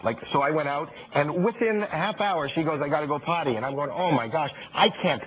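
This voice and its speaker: A middle-aged man with a fairly high voice tells a comic story in an interview, tripping over repeated words as he rushes on. The sound is thin and phone-like, with an audience crowd murmuring behind him. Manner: stammering restarts, rapid repetitions. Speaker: comedian guest. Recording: tinny phone-like radio broadcast with crowd.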